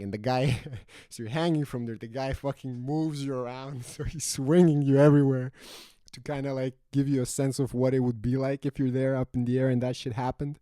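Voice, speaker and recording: A young man from Serbia with a Serbian accent, telling a story casually, animated and swearing freely. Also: medium pitch, fairly quick, no echo, studio quality. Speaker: vlogger.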